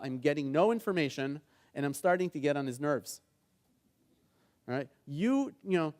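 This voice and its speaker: Lively middle-aged man teaching a workshop. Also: on the high side. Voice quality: engaging, keeps asking the audience "right?". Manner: animated storytelling, acts out quoted dialogue. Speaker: negotiation trainer and mediator. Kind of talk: conference workshop talk.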